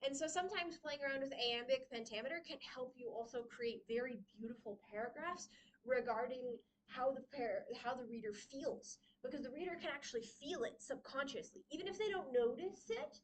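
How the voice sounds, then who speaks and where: A woman's voice: high-pitched, a little fast. A woman presenting a library writing workshop in a casual teaching style, chatty with frequent "um"s and laughter between points.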